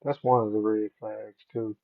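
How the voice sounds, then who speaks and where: A man's voice: on the low side, flat delivery, moderate pace, gravelly. A man hosting the show who breaks into the story to give laid-back advice. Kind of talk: casual commentary. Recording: tinny phone-like sound.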